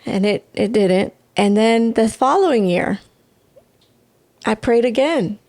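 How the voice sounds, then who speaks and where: A woman's voice: a little high, lively intonation, slow, darkish tone. A woman co-hosting a podcast, animatedly telling a personal story and acting out the voices of the people in it. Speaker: podcast co-host. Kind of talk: storytelling in casual chat.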